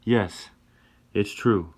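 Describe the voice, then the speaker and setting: A man's voice: lowish voice, very slow, darkish tone, breathy edge, exaggerated voice. A man voicing a young pregnant frontier woman who speaks up earnestly with a raised voice.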